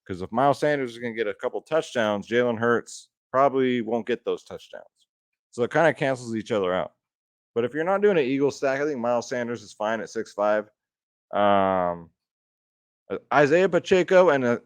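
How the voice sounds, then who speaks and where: A man's voice: medium pitch, no room sound. Casual, profane man, dry sound. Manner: loose, profane, chatty, addresses viewers as guys. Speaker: fantasy sports picks streamer. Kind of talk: casual unscripted sports picks talk.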